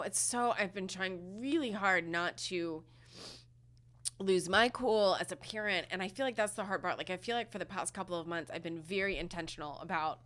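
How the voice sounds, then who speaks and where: A woman co-hosting a casual podcast, talking in an emotional, halting way full of fillers. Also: mid-range voice, fairly bright tone. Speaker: podcast co-host.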